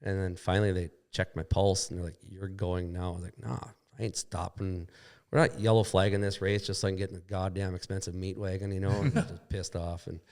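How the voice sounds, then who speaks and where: Low-voiced man telling a racing story. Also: flat delivery, a little fast, hardly any pauses, darkish tone. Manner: rambling, profane, acts out quoted dialogue. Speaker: podcast guest. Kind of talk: casual storytelling. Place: shop.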